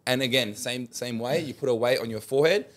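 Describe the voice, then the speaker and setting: Relaxed man explaining casually. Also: mid-range voice, fairly quick. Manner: relaxed explaining, trails off and restarts, joking asides. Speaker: podcast co-host. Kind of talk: casual podcast chat.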